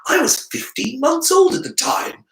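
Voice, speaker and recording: A man's voice: very high voice, lively intonation, moderate pace, gravelly, a bit bright, roomy sound, pitched above the performer's own voice, heavily acted, poor audio. A man voicing an earnest, analytical boy wizard who explains things in a lecturing way. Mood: frustrated.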